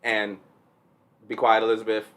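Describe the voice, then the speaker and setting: A man's voice: fairly low pitch, monotone, moderate pace, a bit bright. A man on a casual podcast, telling a long story, laughing often and acting out quotes with raised voice. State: recovering from covid. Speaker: podcast co-host. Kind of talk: casual chat.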